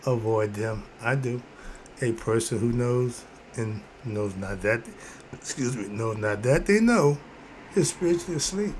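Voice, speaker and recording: A man's voice: medium pitch, measured pace, a little hiss or hum. Preachy man chuckling through a self-help talk. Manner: preachy, repetitive call-and-response phrasing with frequent chuckles. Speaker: self-help philosophy host. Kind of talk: casual motivational monologue. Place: home room with a heater running.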